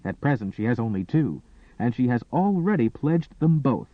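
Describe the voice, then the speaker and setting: A man's voice: mid-range voice, sing-song, moderate pace, no echo. A man voicing a furious, cruelly sarcastic aristocrat who snarls and jeers. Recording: dry, tinny phone-like sound.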